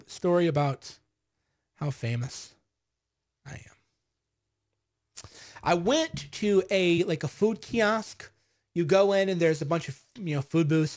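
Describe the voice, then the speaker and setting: A man in his forties chatting casually on a livestream, reading viewer comments and telling rambling, boastful stories with acted-out quotes. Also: a little high. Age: 40s. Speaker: vlogger answering viewer comments.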